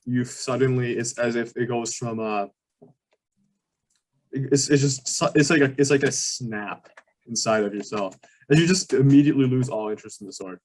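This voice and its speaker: A man's voice: mid-range voice, moderate pace, darkish tone. A man narrating as game master of a tabletop game, describing scenes with many fillers and restarts.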